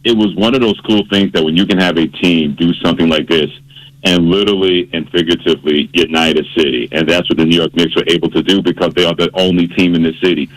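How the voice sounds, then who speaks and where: A man's voice: deep voice, steady tone, fast, poor audio. A man hosting a sports radio show, telling stories and teasing a colleague in a playful way. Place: radio studio. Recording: radio broadcast.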